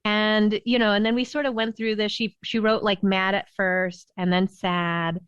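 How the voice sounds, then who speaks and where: Woman, pediatrician guest on a podcast, animated storyteller who laughs easily and fills with "you know"; muffled, dry lo-fi audio. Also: mid-range voice, moderate pace, smooth, no echo. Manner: lively storyteller, laughs often, many "you know" fillers. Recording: dull, dry lo-fi sound.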